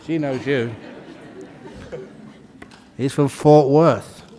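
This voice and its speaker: A Buddhist monk leading a ceremony, calling out names in a casual, joking way and laughing between them. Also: male voice, mid-range voice, drawn-out words, mellow. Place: large hall.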